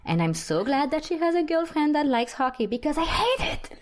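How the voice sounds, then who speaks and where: A woman from Canada chatting casually, expressive and quick to swear. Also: high-pitched. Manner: animated and expressive, swears freely. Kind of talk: casual chat.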